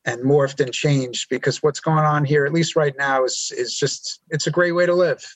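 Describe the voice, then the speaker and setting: A man's voice: fairly high pitch, steady tone, no room sound, low-quality recording. A man from New York telling stories as a podcast guest, often stumbling over and repeating his words. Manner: halting, repeats words while thinking. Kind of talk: casual storytelling interview. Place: around a table with hosts.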